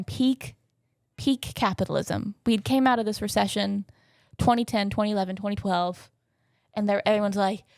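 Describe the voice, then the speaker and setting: A woman's voice: mid-range voice, creaky, darkish tone, no room sound. A young woman hosting a podcast, recapping in a chatty, sassy way and swearing freely. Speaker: podcast host. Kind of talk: casual recap chat.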